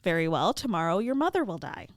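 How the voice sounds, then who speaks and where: Brief: woman playing a menacing fiend posing as a young man, retold casually, lively intonation. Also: on the low side, quick pace, dry recording, studio quality. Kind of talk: casual podcast story retelling.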